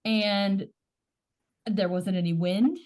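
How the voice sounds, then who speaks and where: A woman's voice: mid-range voice, fairly even intonation, takes it slowly, a little mellow. A woman hosting a podcast, curious and eager, sometimes searching for words in casual chat. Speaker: podcast host.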